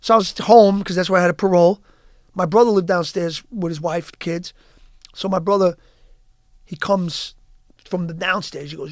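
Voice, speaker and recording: Man from Yonkers, New York, fairly high voice, podcast guest, rambling anecdotes, lots of "you know". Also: fairly even intonation, moderate pace, pauses often, dry recording, studio quality. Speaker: guest actor. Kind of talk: casual podcast chat and storytelling.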